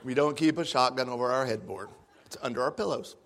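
Animated man telling a funny sermon story. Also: mid-range voice, fast, a little hiss or hum. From Texas. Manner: animated, acts out quotes with sudden loud bursts. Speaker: guest speaker.

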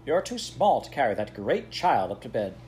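A gruff elderly admiral, brusque and disapproving, as a male reader voices him. He speaks in short, clipped remarks. Read for a storybook. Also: medium pitch, sing-song, moderate pace, darkish tone, a little hiss or hum, pitched above the performer's own voice, close to an everyday voice. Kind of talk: audiobook character voice.

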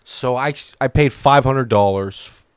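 A man's voice: medium pitch, unhurried, clear, resonant tone. A man in his thirties hosts his own podcast from home, talking in a loose and rambling way. His stories carry self-deprecating jokes. The sound is dry and close, with no room echo. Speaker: podcast host and stand-up comedian. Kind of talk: casual comedic storytelling.

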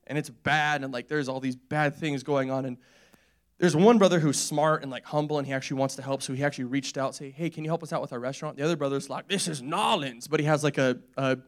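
A man's voice: mid-range voice, smooth. A young man preaching a casual, conversational sermon in a church, repeating phrases and laughing often.

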